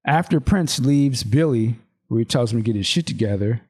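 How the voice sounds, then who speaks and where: Male podcast host, loose casual delivery, reads script lines with bits of acting. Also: mid-range voice. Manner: loose, animated, reads script aloud with quick acted lines.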